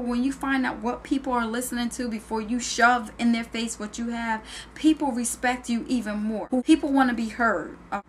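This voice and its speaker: A woman's voice: on the high side, fairly bright tone, slight background noise. A woman with a Southern accent, giving sassy, direct motivational talk in a vlog about starting a business. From New Jersey. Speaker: home business entrepreneur.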